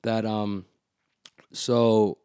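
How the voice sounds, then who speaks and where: A man's voice: on the low side, very slow, clean tone, no room sound, studio quality. A man telling a story in a casual podcast chat, leaning hard on "like" and swearing freely, often acting out what others said. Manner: animated storyteller, heavy "like", frequent swearing.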